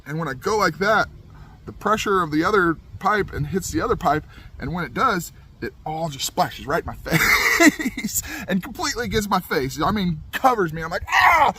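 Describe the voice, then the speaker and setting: A man's voice: high-pitched, lively intonation, normal speed, sharp tone, slight background noise. Rambling young man telling a story. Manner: rambling, repetitive, laid-back. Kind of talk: casual personal storytelling.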